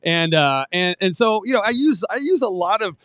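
A man's voice: high-pitched, lively intonation, moderate pace, sharp tone, dry recording, studio quality. A middle-aged man telling stories in a casual podcast chat, swearing and laughing often as he rambles. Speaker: podcast guest.

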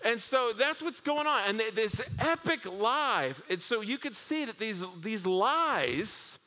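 A man preaching a sermon to a congregation, telling the stories with humor and lively asides. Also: sits high, slow. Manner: humorous, animated storytelling with acted asides. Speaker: pastor. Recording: long hall reverb.

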